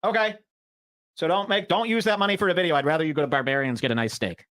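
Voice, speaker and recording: A man hosting a podcast, giving sarcastic, mocking commentary over clips he plays and telling animated stories. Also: fairly high pitch, fast talker. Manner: sarcastic, mimicking, animated storytelling. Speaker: podcast host.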